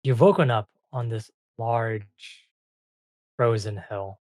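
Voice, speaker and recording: A game master narrating a tabletop game in a loose, halting way with many fillers. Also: medium pitch, a little mellow, dry recording.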